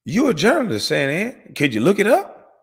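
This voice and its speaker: A man's voice: wildly swooping pitch, husky, long reverb tail. A man delivering an angry, profane commentary rant as host of his channel. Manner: heated, profane, rapid swings in pitch and volume.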